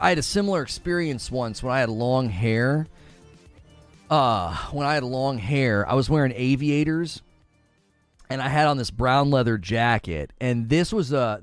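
A man in his forties chatting casually with viewers on a livestream, telling stories in an animated, laughing way. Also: medium pitch. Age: 40s.

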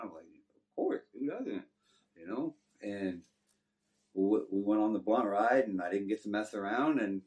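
Deep-voiced Texan man, far from the mic. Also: a little mellow. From Texas. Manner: rambling, laid-back, slangy. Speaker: guest telling his life story. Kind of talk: casual storytelling. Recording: distant from the mic.

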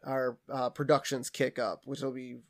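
A man's voice: medium pitch, little pitch movement, normal speed. A man co-hosting a podcast, recapping a cartoon episode in casual chat, laughing often and acting out quotes. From Minnesota. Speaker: podcast co-host.

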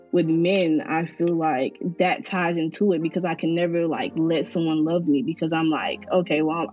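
A woman's voice: fairly low pitch, darkish tone. A young woman telling her personal story in a candid, reflective way, speaking earnestly with casual fillers. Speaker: interviewee sharing her story.

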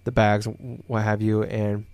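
A man's voice: lowish voice, level tone, measured pace, a little mellow, no echo. Rambling man telling a story on a podcast. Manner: rambling, lots of fillers and restarts. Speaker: podcast co-host. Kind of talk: casual storytelling chat. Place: home office, indoors.

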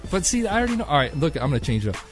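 Loud, crude joking man. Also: a little high, sing-song, very fast, over music. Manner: loud, joking, swears freely. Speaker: co-host. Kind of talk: casual crude banter.

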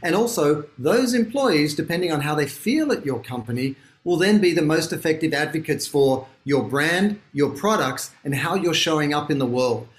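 Australian male guest, slightly high voice, echoey room; articulate, lively explainer. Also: moderate pace, hardly any pauses. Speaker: guest, author. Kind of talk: interview conversation.

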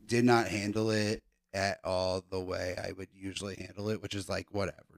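A man's voice: low voice, flat delivery, moderate pace, gravelly, dry recording, studio quality. A man, a guest comedian, chatting casually on a podcast, laughing often and rambling through a story with lots of fillers.

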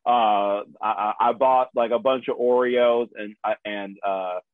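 A man's voice: lowish voice, steady tone, measured pace, no room sound. A man telling a personal story in casual chat, laughing often, swearing freely and poking fun at himself. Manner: profane, laughing, self-deprecating. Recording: dry tinny phone-like sound.

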